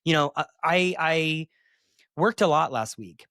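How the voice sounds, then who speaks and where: A man's voice: fairly high pitch, expressive, a little slow, a bit bright, clear, resonant tone, no room sound, clean studio sound. A man hosting a solo podcast as a therapist, talking candidly and emphatically, with sassy asides.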